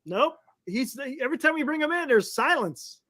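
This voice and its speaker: A man's voice: very high voice, big pitch swings, normal speed, pushed and bright. A man co-hosting a casual livestream chat who keeps breaking into laughter. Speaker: co-host.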